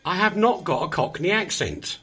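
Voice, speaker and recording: A man's voice: sits high, animated, normal speed, a bit bright, breathy edge. A man hosting a radio show in a small studio, chatting casually and rambling in a self-mocking way. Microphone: studio microphone.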